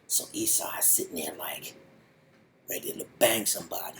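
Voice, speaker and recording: A man giving a casual spoken review of a TV show in animated, slangy, rambling storytelling. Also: deep voice, normal speed, whispered, poor audio.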